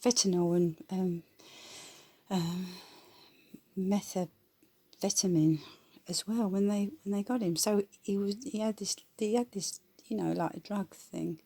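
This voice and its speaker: A woman's voice: mid-range voice, steady tone, a little slow, mellow. A woman giving her blunt, rambling opinions in casual, colloquial talk.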